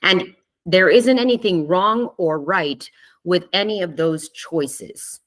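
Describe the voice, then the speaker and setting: A woman with a low voice gives a spiritual talk to an online group. She speaks gently and conversationally, checks in with her listeners often and laughs easily. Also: takes it slowly. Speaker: spiritual teacher hosting a live online session.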